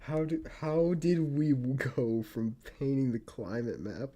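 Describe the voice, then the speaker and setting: Stream co-host, slow unhurried talk, laughs often, swears, casual livestream chat. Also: mid-range voice, animated, mellow. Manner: laughs a lot, swears, says "yo".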